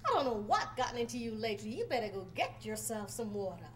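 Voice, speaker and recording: A woman's voice: fairly high pitch, sing-song, fast, slight background noise, voice pushed down. A sassy first woman, as a woman storyteller voices her. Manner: sassy and dismissive. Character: sharp-tongued archetypal first woman.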